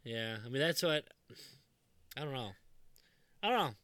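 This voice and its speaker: A man co-hosting a casual podcast, relaxed and agreeable, often answering with short replies. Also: medium pitch, moderate pace, no room sound. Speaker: podcast co-host. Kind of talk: casual chat.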